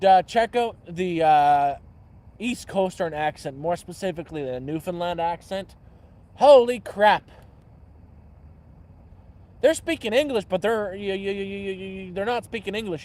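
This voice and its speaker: A man from Canada, his voice sitting a little high. He chats casually on a livestream, rambling from one thought to the next. He swings between loud outbursts and quiet, low mutters. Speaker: livestream host. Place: outdoors by a campfire.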